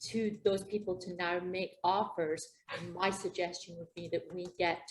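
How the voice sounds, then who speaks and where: A woman playing a listing agent in a training role-play, who reasons calmly and step by step. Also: on the low side, a little slow, slight background noise, low-quality recording.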